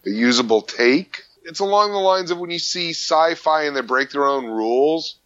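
A man, a voice actor, chatting casually on a podcast, animated and playful, slipping into mock anger and quick voices. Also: a little high, dull audio. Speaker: voice actor guest.

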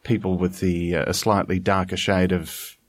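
A man's voice: sits low, level tone, normal speed. A man from Australia, hosting a casual podcast chat, easygoing with dry asides and frequent laughter. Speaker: podcast host.

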